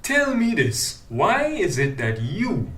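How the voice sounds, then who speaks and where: A Trinidadian man delivers a fiery speech at a public forum, pressing his point with one rhetorical question after another. His voice sits a little high for a man. The mic is some way off, so the sound rings around an echoey hall. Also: wildly swooping pitch, slow, fairly bright tone. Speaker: forum speaker for a grassroots news team. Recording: echoey room, mic at a distance.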